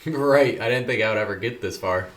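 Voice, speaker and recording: A man with a lowish voice talks briskly while streaming a game. He's laid-back and jokey, chatting casually and talking to himself as he plays.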